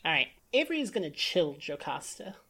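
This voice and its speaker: A woman's voice: lowish voice, big pitch swings, fairly quick, vocal fry, sharp tone. A woman playing a tabletop role-playing game, eager and checking the rules as she goes. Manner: eager, asks rules questions, cheers at rolls. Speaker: player.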